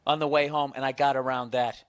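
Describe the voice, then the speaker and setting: A man with a Boston accent chats casually and teases the people beside him. His voice sits in a middling pitch and comes through dry, right up on the microphone. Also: little pitch movement, fairly quick, clean tone, no echo. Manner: teasing, joking banter. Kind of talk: casual chat.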